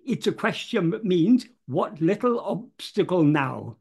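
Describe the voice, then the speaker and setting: A man talks through the meaning of a devotional verse at an unhurried, slow pace. He is measured and careful, stopping often on hesitant fillers and restarting his phrases as he explains each word. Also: high-pitched, lively intonation, creaky, a little mellow, slightly rough. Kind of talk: unscripted explanatory talk.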